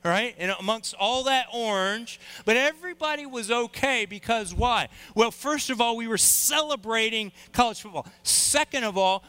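A middle-aged man preaching a sermon, telling a personal story with lively, acted-out quotes. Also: extremely high pitch, normal speed, few pauses, smooth. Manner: animated storyteller, acts out quoted voices. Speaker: pastor.

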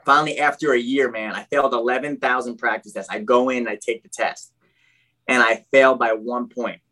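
A young man telling his story in casual chat as a podcast guest, animated and fond of saying "dude", often restarting his sentences. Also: mid-range voice, a little fast.

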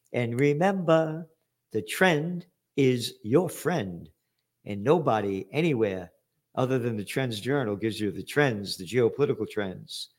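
An older man from the Bronx, hosting a news commentary show in a profane, combative manner that breaks into shouting. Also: medium pitch. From the Bronx, New York. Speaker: host of a trends news show.

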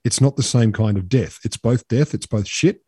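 A man co-hosting a casual chat podcast, making wry, deadpan jokes. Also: medium pitch, moderate pace, slightly rough, no echo. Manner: dry, wry joking. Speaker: podcast co-host.

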